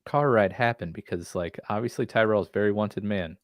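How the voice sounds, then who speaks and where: Podcast co-host, male, low pitch, dry close sound, animated recapper. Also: a little fast, no room sound. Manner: animated storyteller, acts out lines from scenes. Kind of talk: casual chat recapping a TV episode.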